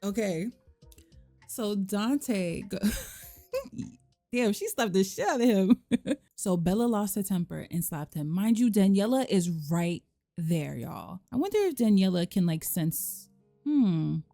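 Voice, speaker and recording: A woman gives casual let's play commentary, animated and sassy, slipping into her characters' lines as she goes. Her voice sits mid-range with a mellow, relaxed warmth. The sound is close and dry, with little room around it. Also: mid-range voice, slow pace, vocal fry, no room sound, soft background music.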